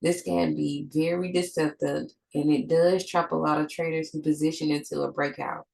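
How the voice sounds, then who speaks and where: A woman's voice: deep voice, flat delivery, normal speed, vocal fry, darkish tone, a little hiss or hum, poor audio. A woman with a stuffed-up nose, reading a trading lesson from her notes, with slips and restarts. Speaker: trading educator.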